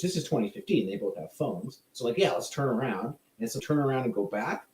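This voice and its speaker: A man's voice: medium pitch, animated, brisk, hardly any pauses, reverberant, recorded from a distance, rough recording. A man co-hosting a podcast, telling a ghost story in a rambling, jokey, casual way. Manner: rambling, jokey, laughs often. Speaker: podcast co-host.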